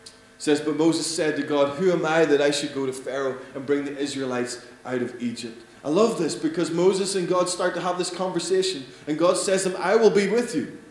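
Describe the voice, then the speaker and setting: A man preaching a sermon, animated, swinging between loud emphatic lines and soft hushed ones. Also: on the high side, brisk. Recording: echoey room with faint hum.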